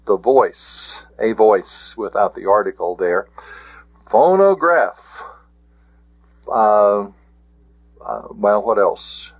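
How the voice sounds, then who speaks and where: A man with a husky, breathy voice teaches a vocabulary lesson at an unhurried pace, saying each word carefully and repeating it. The recording is dull and lo-fi, with a dry, close sound. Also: mid-range voice, no room sound. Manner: occasional self-corrections and hesitations. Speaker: Greek teacher.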